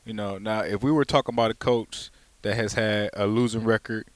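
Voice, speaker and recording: A man's voice: fairly low pitch, steady tone, a little fast, dry recording. A man co-hosting a casual sports podcast, talking emphatically and repeating himself as he argues a point. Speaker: podcast co-host.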